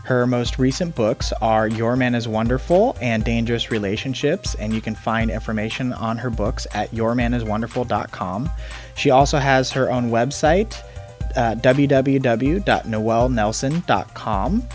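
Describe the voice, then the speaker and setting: A man hosting a podcast interview, talking in a relaxed, conversational way. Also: medium pitch, normal speed, soft background music. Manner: relaxed, conversational, some restarts. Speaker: podcast host.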